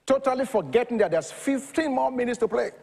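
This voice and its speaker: A man preaching a sermon, reading scripture quietly and then building to loud, shouted examples. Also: extremely high pitch, animated, brisk, gravelly, in a large hall.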